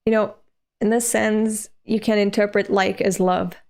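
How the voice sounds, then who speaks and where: A woman reading a manga aloud and reacting with expressive, animated commentary that jumps high when she is moved. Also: measured pace, vocal fry. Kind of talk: emotional read-along reaction.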